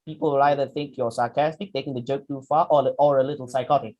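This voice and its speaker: Lively man teaching. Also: mid-range voice, dull audio. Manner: lively, acts out quick examples, asks the audience questions. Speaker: public speaking workshop instructor. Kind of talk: lecture presentation with slides.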